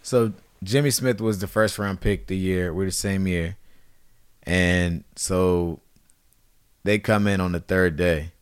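A man's voice: sits low, fairly even intonation, slow pace, clear, resonant tone, dry recording, studio quality. A man in his thirties in casual conversation, telling a story with animation and acting out quotes in a raised voice. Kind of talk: casual chat.

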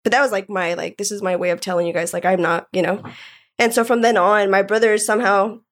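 A woman's voice: medium pitch, fairly even intonation, fast talker. A young woman from Southern California, candidly telling a personal story in a casual chat, often laughing. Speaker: guest.

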